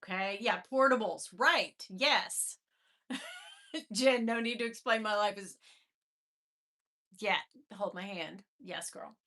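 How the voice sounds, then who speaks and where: Bright-voiced chatty woman live-streaming. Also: medium pitch, lively intonation, takes it slowly, long pauses. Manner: chatty, greets viewers by name, laughs often. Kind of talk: casual live-stream storytelling.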